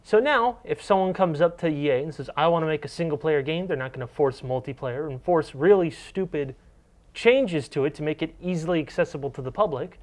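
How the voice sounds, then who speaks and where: A man's voice: fairly high pitch, animated, brisk, darkish tone. A young man co-hosting a casual gaming news chat, ranting and often restarting his sentences. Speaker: co-host.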